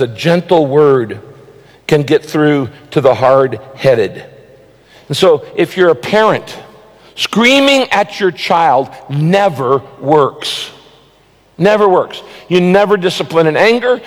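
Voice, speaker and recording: A male pastor preaching a sermon, emphatic, repeating phrases and slowing down to read Bible verses. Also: fairly high pitch, big-room sound, rough recording.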